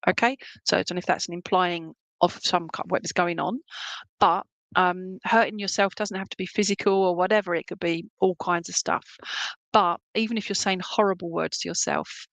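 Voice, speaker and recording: A woman's voice: lowish voice, steady tone, fairly quick, fairly bright tone, dry recording. A woman working as a medium, giving a chatty, reassuring clairvoyant reading at a church service and often checking in with her listeners.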